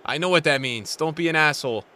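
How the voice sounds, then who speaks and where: A young man giving live commentary on a football video game as he plays, swinging from mumbled asides to loud outbursts. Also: on the high side, fast. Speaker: gaming streamer.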